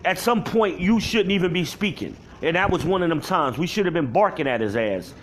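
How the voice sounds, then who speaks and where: A man delivering a heated, profane rant to camera, yelling at home by himself. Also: high-pitched, lively intonation, a little fast, a little hiss or hum. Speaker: vlogger. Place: at home alone.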